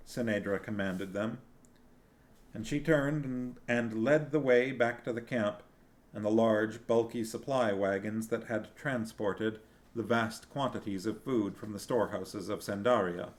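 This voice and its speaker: A man reading a fantasy novel aloud on a stream, narrating in a measured, even way. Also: lowish voice.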